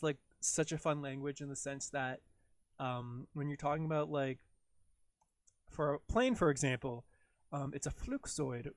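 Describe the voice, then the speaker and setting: A man's voice: a little high, no room sound. A young man hosting a live stream, chatting casually and rambling in a giggly, self-deprecating way while he works.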